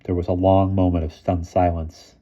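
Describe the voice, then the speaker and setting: A man reading a children's novel aloud in a steady, expressive voice. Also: low-pitched, moderate pace, muffled recording. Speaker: audiobook reader.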